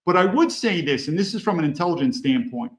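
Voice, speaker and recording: A man's voice: on the high side, animated, quick pace, poor audio. Heated, profane middle-aged man ranting. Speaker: podcast host. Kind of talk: angry political rant.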